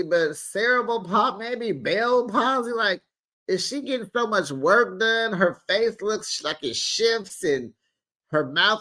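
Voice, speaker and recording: A reality TV recap host giving casual, animated commentary in a colloquial style, talking straight to viewers and mimicking cast members. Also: medium pitch.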